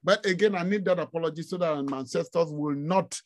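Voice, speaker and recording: A man from Africa giving an informal online lecture, animated and exclamatory, often breaking into laughter. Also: on the high side, a little fast, background noise. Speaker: guest lecturer.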